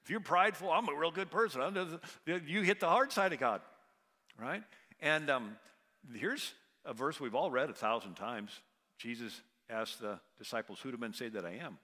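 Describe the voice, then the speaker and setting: A man's voice: a little high, animated, moderate pace, pushed and bright, big-room sound. A man giving a preaching talk, telling stories with emphasis and acting out the people he quotes. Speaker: guest speaker.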